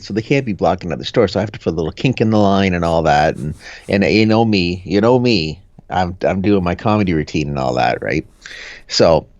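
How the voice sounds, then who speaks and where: A man's voice: deep voice, darkish tone, no room sound. Guy on a podcast telling stories, lots of uh and restarts, kinda muffled dry audio. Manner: rambling, jokey, lots of fillers and restarts. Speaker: podcast co-host. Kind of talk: casual storytelling chat. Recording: dull, dry lo-fi sound.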